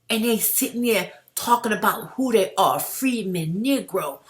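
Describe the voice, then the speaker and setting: A woman speaks in an impassioned, preaching way, calling her viewers family. Her voice sits at an ordinary middle pitch. She talks to camera in a commentary vlog. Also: animated, unhurried, hardly any pauses, slight background noise. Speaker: YouTube commentator.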